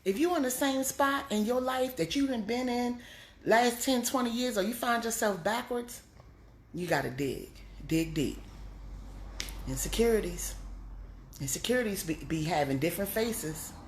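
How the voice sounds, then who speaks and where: A woman comedian giving a blunt, scolding motivational talk, pushing her voice up high to drive points home. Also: expressive, normal speed, roomy sound, slight background noise. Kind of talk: preachy motivational monologue.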